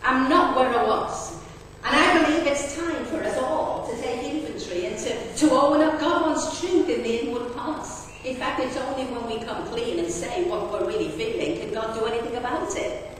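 A high-pitched woman delivers an earnest, conversational sermon, often asking the congregation questions. The recording is roomy and echoey, picked up from far off in a church hall, with faint background noise. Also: normal speed. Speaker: pastor. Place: church service.

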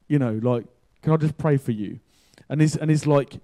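Chatty male preacher with a mellow voice. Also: fairly high pitch, fairly quick. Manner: casual and chatty, excitable when telling the story. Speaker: pastor. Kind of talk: sermon with an animated story.

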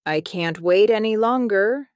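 A woman's voice: mid-range voice, a little slow, clear, resonant tone, dry recording, dull audio, voice pushed up, natural voice. A woman voicing a frightened little male sheep in a children's storybook, with an anxious, pleading delivery.

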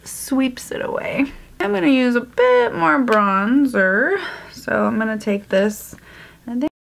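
A woman's voice: on the high side, lively intonation, takes it slowly, vocal fry. A woman vlogger chatting casually through a makeup tutorial, joking about her own mistakes. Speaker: beauty vlogger.

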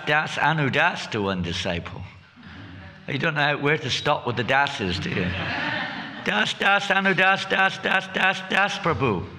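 A man's voice: on the high side, vocal fry, sharp tone, slight background noise. A man giving a scripture class at a temple, chatty and joking, who keeps asking his audience questions.

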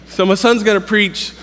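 Joking pastor in a reverberant hall. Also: male voice, high-pitched, fairly bright tone, a little hiss or hum. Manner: joking, storytelling, halting with fillers. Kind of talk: humorous preaching. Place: campus worship hall.

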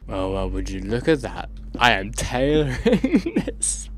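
A man's voice: medium pitch, huge pitch swings, measured pace. A man hosting a gaming channel, giving let's play commentary in a frantic, swearing way and muttering to himself as he plays.

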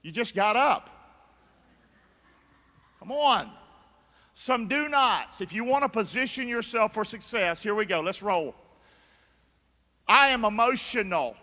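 Man, pastor preaching, energetic call-and-response, high voice, long church reverb. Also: a little slow, pauses often. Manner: energetic, calls for crowd response; mocking voices for foolish people. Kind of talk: sermon. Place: large church hall.

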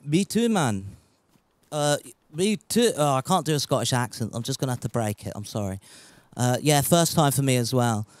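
A man's voice: mid-range voice, brisk, clear, resonant tone, no room sound. A man casually commentating his gameplay, rambling and joking as he chats with viewers. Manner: rambling, jokey, chatty with viewers. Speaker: game streamer.

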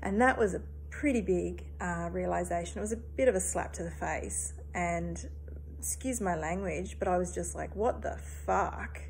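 A woman's voice: medium pitch, a little mellow, slight background noise. A woman in her thirties, a therapist, talking earnestly and emphatically in a personal reflective monologue, swearing casually.

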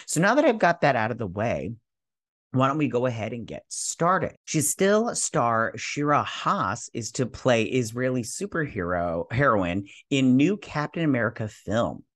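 A man of medium pitch hosts his own fan news channel. He reads an article aloud and comments on it loosely, with plenty of fillers and false starts. His voice is close and dry, with no room sound. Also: big pitch swings, unhurried, fairly bright tone, no echo. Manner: chatty and rambling, with many fillers and restarts. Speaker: host of a geek news channel. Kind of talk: casual reaction video, reading news aloud.

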